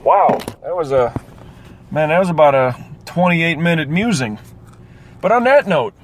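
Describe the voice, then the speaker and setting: A man's voice: fairly high pitch, expressive, moderate pace, rough recording. A drowsy man rambling and swearing casually while driving home at night. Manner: profane, rambling, self-amused. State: drowsy, yawning. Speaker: vlogger musing while driving. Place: in a car, driving. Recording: loud car road noise.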